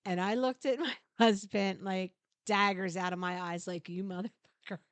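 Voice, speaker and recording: A middle-aged woman co-hosting a podcast, telling a long story in casual chat, animated, laughing often and swearing freely. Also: medium pitch, moderate pace, smooth, dry recording. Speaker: podcast co-host.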